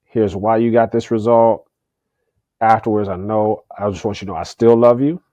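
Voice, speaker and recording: Earnest, mellow-voiced man on a podcast. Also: on the low side, steady tone, moderate pace, no echo, highs cut off. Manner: earnest, repeats words when starting a thought. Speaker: podcast guest. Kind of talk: candid conversational interview.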